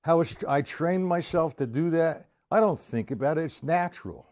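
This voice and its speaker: Speaking at normal speed in a fairly high, expressive voice, a middle-aged man runs a live stream lesson on drum rudiments. He counts beats aloud over his own playing and chats casually with viewers as his loud drum kit sounds alongside.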